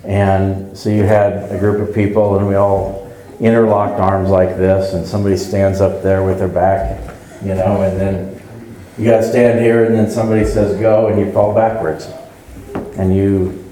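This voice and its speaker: A man's voice: on the low side, mellow, reverberant, a little hiss or hum, poor audio. A man preaching a conversational sermon at a church service, earnestly putting rhetorical questions to the congregation.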